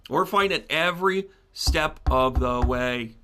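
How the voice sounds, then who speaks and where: A man hosting a casual live stream as a spiritual medium and astrology teacher, chatting animatedly with viewers and breaking into loud laughter. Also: on the high side, a little slow, clear, resonant tone.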